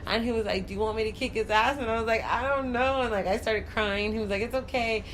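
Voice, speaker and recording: A woman's voice: on the high side, fast, slight background noise. A woman hosting a talk show, a bubbly, chatty storyteller who speaks frankly and swears freely. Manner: frank and profane. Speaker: host. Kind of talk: casual chat.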